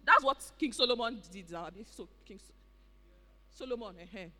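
A preacher with a Nigerian accent delivering an animated, exclamatory sermon in a church hall. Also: medium pitch, moderate pace. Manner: animated, exclamatory, with pidgin interjections. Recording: reverberant hall.

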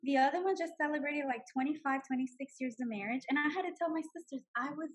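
A woman in her forties telling her personal story with animated emotion, laughing often. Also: sits high, fast. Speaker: guest sharing her story. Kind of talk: personal testimony.

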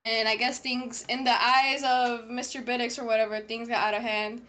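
A teenage girl in casual chat, telling an animated story full of fillers and quoted lines. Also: fairly high pitch, moderate pace. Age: teens. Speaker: podcast co-host.

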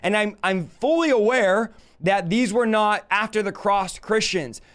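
A man's voice: sits high, measured pace, a bit bright. A man preaching a live-stream Bible teaching, emphatic and full of rhetorical questions to his audience.

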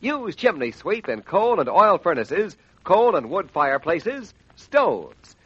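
A man announcing on a radio show, reading a brisk hard-sell advertisement, on a dull lo-fi 1940s radio recording. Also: sits high, very animated, fairly bright tone, slightly rough. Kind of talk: radio ad read.

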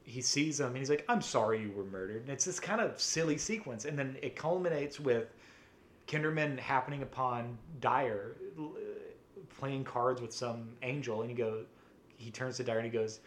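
Male podcast co-host, medium pitch, gushing and sweary, loose rambling delivery, faint noise behind. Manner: enthusiastic, profane, rambling with restarts. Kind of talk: casual chat.

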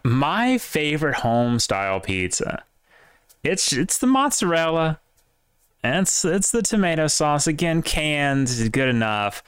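A man's voice: fairly high pitch, big pitch swings, a little slow, fairly bright tone, clean tone, dry recording. A man hosting a casual podcast debate, laid-back and teasing, swearing now and then.

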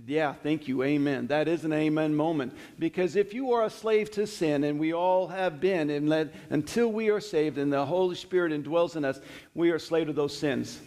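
Middle-aged guy leading bible study, chatty then slow on the verses, kinda high voice. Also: darkish tone. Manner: conversational, reads verses slowly with emphasis. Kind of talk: sermon-style Bible teaching. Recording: long hall reverb.

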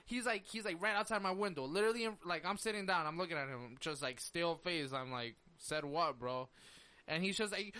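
A man's voice: high-pitched, fairly quick, smooth. A young man on a podcast telling a story in casual chat, full of "like" and acted-out quotes. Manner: animated storyteller acting out quotes, lots of "like". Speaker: podcast host.

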